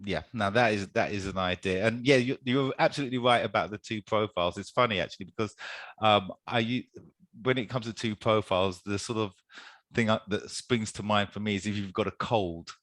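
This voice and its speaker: Low-voiced man answering questions on a call. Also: a little fast, a bit bright, no room sound. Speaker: guest presenter, software developer. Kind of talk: casual Q&A. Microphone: video call.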